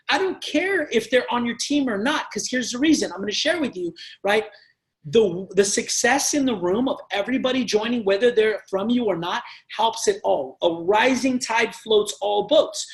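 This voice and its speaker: A man leading a sales team training, talking passionately and emphatically and acting out sales conversations. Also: extremely high pitch. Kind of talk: energetic sales training talk.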